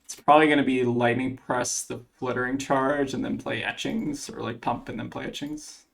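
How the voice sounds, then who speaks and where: A man's voice: medium pitch, lively intonation, normal speed, creaky, fairly bright tone. A man commentating his own card game match, thinking aloud as he weighs each play, with plenty of fillers. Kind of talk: casual gameplay commentary.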